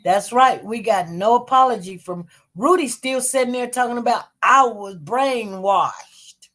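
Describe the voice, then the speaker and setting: A woman talks through news stories in a casual, emphatic way, circling back and repeating her points. Her voice sits fairly high, and her phrasing is loose and informal. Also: moderate pace. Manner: emphatic, repetitive, animated. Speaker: commentator.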